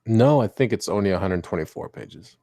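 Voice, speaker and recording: A man's voice: fairly low pitch, animated, a little fast, mellow, no echo, clean studio sound. A man co-hosting a casual chat, easygoing.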